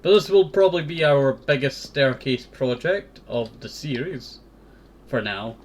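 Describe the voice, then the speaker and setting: A man's voice: mid-range voice, lively intonation, a little slow. A young man hosting a gaming channel, rambling and thinking aloud in casual let's-play commentary.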